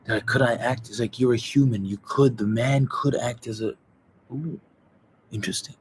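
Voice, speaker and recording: A man talking in a loose, rambling monologue, swearing and quoting other people in quick voices. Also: medium pitch, slight background noise.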